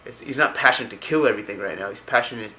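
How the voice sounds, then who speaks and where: A man's voice: on the low side, racing, pushed and bright, slight background noise, rough recording. A man casually retelling a fantasy story, rambling with many fillers and restarts. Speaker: lore video narrator.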